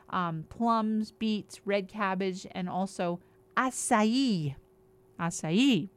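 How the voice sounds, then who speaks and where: A woman on a regular show, talking in an upbeat, chatty way as she explains things and lists example after example. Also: medium pitch. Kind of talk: casual explanatory health chat.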